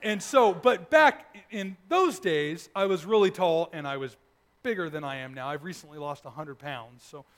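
High-voiced pastor telling a story. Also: male voice, normal speed. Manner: animated storytelling, swinging from loud to hushed. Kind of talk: sermon with personal testimony.

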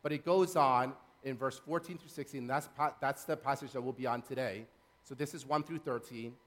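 A man's voice: mid-range voice, fairly bright tone, long reverb tail. A man preaching a sermon in a church, earnest, building his points through repeated phrases. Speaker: pastor. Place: church sanctuary.

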